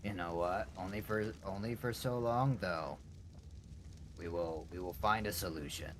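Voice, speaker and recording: A man's voice: sits low, unhurried, a little hiss or hum. A man casually chatting with his partner while they play a game together, blunt and swearing casually. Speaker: co-op gaming partner. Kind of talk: casual chat during a game stream.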